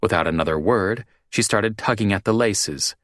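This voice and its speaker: A man narrating a romance audiobook in the first person, with measured, even storytelling. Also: on the low side, no room sound, studio quality.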